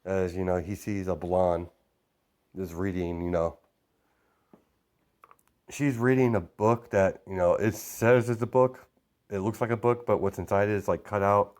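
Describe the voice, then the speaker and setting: A young man with a very low voice improvising a fan-fiction story, rambling along with constant "you know" fillers. It sounds like loose, off-the-cuff storytelling. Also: fairly even intonation, a little slow, pauses often, darkish tone.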